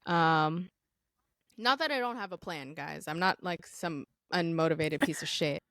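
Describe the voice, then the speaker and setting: A woman's voice: low-pitched, measured pace, a bit bright, no echo, studio quality. A woman in her late twenties co-hosting a podcast, chatting in a laid-back way and swearing freely. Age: late 20s. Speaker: podcast co-host. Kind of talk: casual chat.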